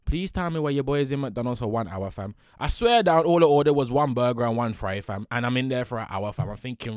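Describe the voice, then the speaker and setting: A young man, rambling excitably in street slang as he introduces a reaction video. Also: medium pitch, fast talker, hardly any pauses, no echo, clean studio sound. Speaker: reaction streamer. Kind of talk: hyped reaction commentary.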